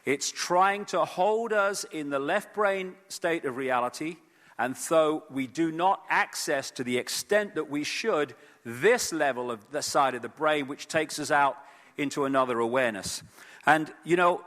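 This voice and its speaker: A man giving an animated lecture to a live audience at an event, with frequent fillers and repeated words. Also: on the high side, measured pace, long reverb tail. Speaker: speaker at an event. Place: event hall.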